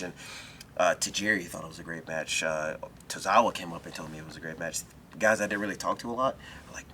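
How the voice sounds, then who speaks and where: A young adult man, a wrestler being interviewed, telling an emotional story in an animated way, with quick bursts and restarts. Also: sits low. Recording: faint background noise.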